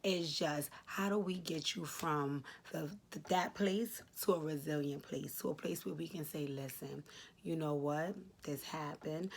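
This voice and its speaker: A woman in her late thirties talks straight to camera in an earnest, emotional way, circling back to the same phrases to drive them home. Her voice sits low and has a breathy, husky edge. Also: a little slow. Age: late 30s. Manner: earnest, emotional, repeats key phrases for emphasis; speaks directly to viewers, informal. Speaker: advice vlogger answering a letter. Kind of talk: heartfelt advice talk to camera.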